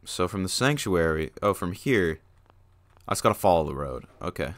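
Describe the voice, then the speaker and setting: Excitable young man gaming out loud. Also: low-pitched, moderate pace, dry recording. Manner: excitable, swings from mumbling asides to loud yelps and laughter. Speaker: gaming streamer. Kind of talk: casual let's-play commentary.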